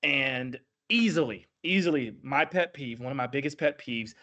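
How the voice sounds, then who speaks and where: A man hosting a podcast, chatty and rambling and quick to laugh. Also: mid-range voice, expressive, pushed and bright. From Southern United States. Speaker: podcast host. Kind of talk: casual interview chat.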